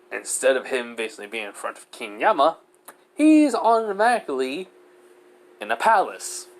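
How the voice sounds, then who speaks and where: A man's voice: mid-range voice, fairly bright tone. A man narrating an improvised fan story in a rambling way, full of fillers.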